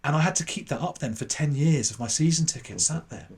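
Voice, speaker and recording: A man from London with an English accent that sits between posh and London, telling anecdotes as a podcast guest, animated, with self-deprecating asides and fillers. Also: fairly high pitch, quick pace. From London, England. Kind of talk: casual storytelling interview.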